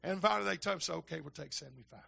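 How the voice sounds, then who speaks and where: An older man, a minister telling folksy stories in a sermon that build to shouting fervor. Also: fairly high pitch, racing, creaky, husky, highs cut off. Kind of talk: storytelling sermon.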